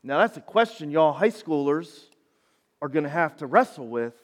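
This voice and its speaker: A man preaching to high schoolers, casual and folksy, building to emphatic points. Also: big pitch swings, moderate pace. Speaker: youth pastor. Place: church sanctuary. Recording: long hall reverb.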